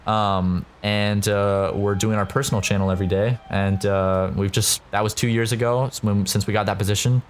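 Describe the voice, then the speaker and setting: A man's voice: fairly low pitch, level tone, normal speed, hardly any pauses. A young man from South Carolina, a podcast guest telling a long story with lots of fillers and swearing. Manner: rambling, profane, lots of fillers. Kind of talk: casual podcast chat.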